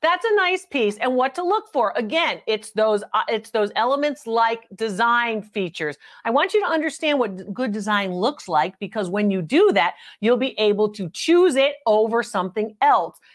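Her voice is fairly high and expressive, moving at a normal speed with barely any pauses. She's hosting a live antiques appraisal show, joking around with callers, calling them honey, and frequently breaking into laughter during the lively chat.

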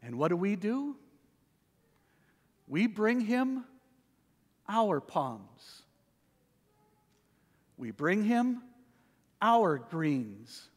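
High-pitched pastor preaching real slow, goes from hushed to booming, churchy echo. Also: male voice. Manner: dramatic swings from soft hush to loud proclamation. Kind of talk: sermon. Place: church sanctuary.

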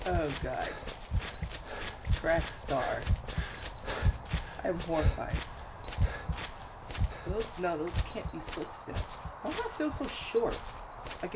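A man hosting his own gaming channel, playing a horror game and talking nervously to himself as he goes. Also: on the high side. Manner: jumpy, nervous, talks to himself. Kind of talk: horror game let's play commentary. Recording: loud background noise.

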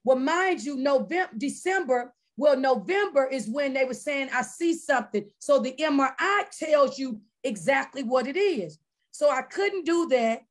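Female church missionary, high voice, lively storyteller who acts out voices and erupts in praise. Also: normal speed. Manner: animated storytelling, acting out quoted voices; bursts into shouted praise. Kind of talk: personal testimony at a prayer service.

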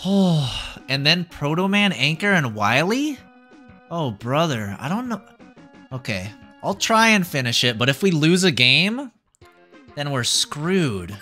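Excitable young man streaming a game. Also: on the high side, slow pace, faint music behind. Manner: excitable, yelps and groans at the game. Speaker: VTuber streamer. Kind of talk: live gameplay commentary.

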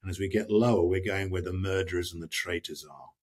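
An older man, an author, talking with passion about poetry and reading verse aloud with slow, dramatic emphasis. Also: deep voice, slightly rough. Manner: expressive, reads verse aloud slowly and dramatically. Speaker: author and guest. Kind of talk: passionate literary discussion.

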